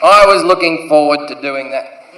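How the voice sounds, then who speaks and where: A man's voice: on the high side, moderate pace, pushed and bright, slight background noise. A man in his thirties with an Australian accent, doing a crude stand-up routine on a theatre stage and acting out the voices in his story. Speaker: stand-up comedian. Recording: echoey theatre from a distance.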